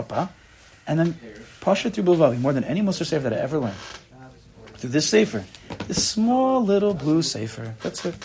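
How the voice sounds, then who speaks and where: Guy giving a casual torah class, voice jumps up and down a lot, acts out little back-and-forths. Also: on the high side. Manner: animated, acts out little dialogues, frequent repeats.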